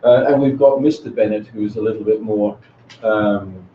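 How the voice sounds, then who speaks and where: A man's voice: lowish voice, normal speed, slight background noise. A man who trains teachers, leading a workshop discussion in a classroom and often repeating his words as he talks. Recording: roomy, distant, dull recording.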